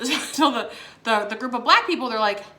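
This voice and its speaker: Young woman vlogger, giggly storyteller, higher pitch, bright tone. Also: animated, moderate pace. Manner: giggly, laughs between phrases, many fillers. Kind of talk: casual storytime chat.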